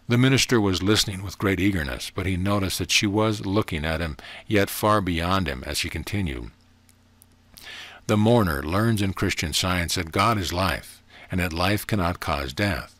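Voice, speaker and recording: Man, audiobook reader, very low voice, dry close recording, measured narration. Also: fairly bright tone, dry recording. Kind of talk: scripted narration.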